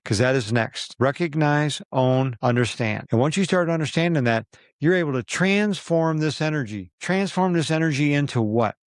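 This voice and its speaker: A man's voice: on the high side, lively intonation, normal speed, dry recording, studio quality. A man hosting a podcast, giving an emphatic motivational talk in a coaching tone, repeating his points for weight. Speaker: podcast host.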